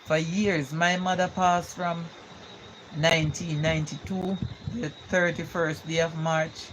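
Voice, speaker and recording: A woman's voice: sits low, level tone, measured pace. An older woman with a Jamaican accent chats on a live stream, reading out viewer comments and speaking in a heartfelt, repetitive way. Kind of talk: casual live-stream chat. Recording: noticeable background noise.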